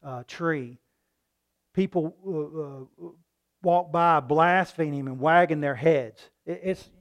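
A man preaching a sermon in a folksy style, often asking his listeners "right?" and loudly acting out the voices of a mocking crowd. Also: a little high, slow. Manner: animated, acts out mocking crowds in loud voices.

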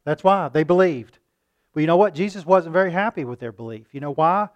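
A man preaching a sermon, asking his listeners questions and acting out loud pleas now and then. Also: a little high, a little fast. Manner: shifts between calm teaching and loud acted-out pleading; rhetorical questions to the congregation.

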